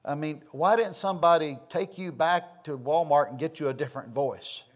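Folksy preacher, higher-pitched man. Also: normal speed. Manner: folksy, rambling storyteller who repeats phrases for emphasis. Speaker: pastor. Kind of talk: sermon.

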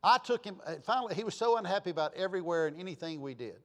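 Folksy storytelling pastor, man, slightly high voice. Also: expressive, very fast. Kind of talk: sermon.

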